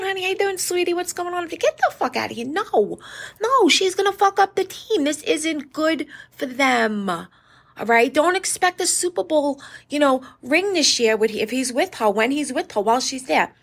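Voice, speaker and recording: Profane ranting woman with gravelly voice. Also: high voice. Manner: profane, animated, sarcastic. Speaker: podcast host. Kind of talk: casual ranting monologue.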